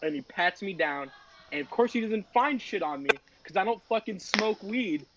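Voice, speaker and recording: A man's voice: high-pitched, expressive, moderate pace, noisy background. A teenage boy telling a story in casual podcast chat, swearing often and ranting heatedly. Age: teens. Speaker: podcast co-host. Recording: dull lo-fi sound.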